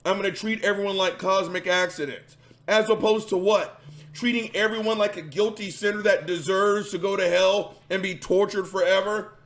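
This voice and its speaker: A man's voice: high-pitched, fairly even intonation, normal speed, a bit bright. A man hosting a reaction commentary, ranting combatively and sarcastically with lots of swearing. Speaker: commentary host.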